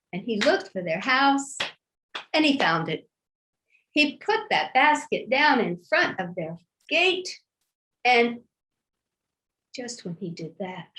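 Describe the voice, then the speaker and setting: A woman storyteller telling a folk tale to children in an animated, sing-song way, inviting listeners to join in. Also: high-pitched.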